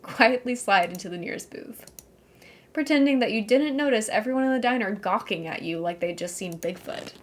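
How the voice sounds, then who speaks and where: A woman streaming herself as she plays a story game, reading its narration and her choices aloud in a playful, animated way. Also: mid-range voice, brisk. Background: game music.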